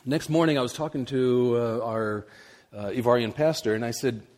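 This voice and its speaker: Man preaching a halting, animated story. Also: medium pitch. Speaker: missionary preacher. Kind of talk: sermon with a personal story.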